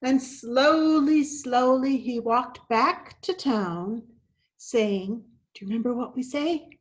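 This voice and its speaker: A woman's voice: on the high side, takes it slowly. A woman, an actress and teaching artist, leading a theatrical children's storytime and talking straight to young listeners, sometimes dropping to a whisper. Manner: animated, talks to young listeners, drops to whispers.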